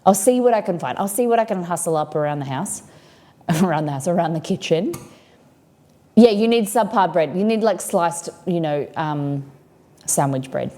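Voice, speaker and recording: A woman's voice: on the low side, expressive, moderate pace, warm tone. A woman with an Australian accent hosting a casual cooking livestream from her home kitchen, chatting in a rambling way and answering viewer comments. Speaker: cooking stream host.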